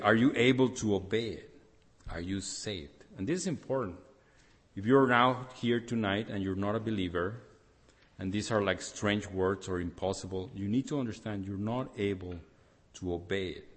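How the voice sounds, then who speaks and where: A man preaching an evening sermon, reading scripture loudly and emphatically, then dropping soft for a quiet appeal. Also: fairly low pitch, moderate pace. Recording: long reverb of a large hall.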